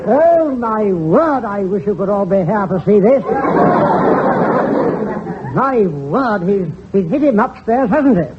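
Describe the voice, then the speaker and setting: A man's voice: high voice, big pitch swings, takes it slowly, long pauses, very noisy, exaggerated voice. A man voicing a polite, genteel upper-class English boxing announcer with an English accent, on a tinny old recording. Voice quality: genteel, fussy. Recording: tinny old lo-fi audio with crowd.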